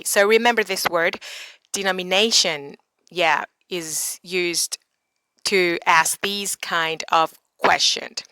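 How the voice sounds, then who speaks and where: A woman with a bright, crisp, clear tone teaches English in a casual vlog. She chats along and repeats example words slowly so they sink in. The sound is close and dry, with no room around it. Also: medium pitch, no echo. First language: Thai.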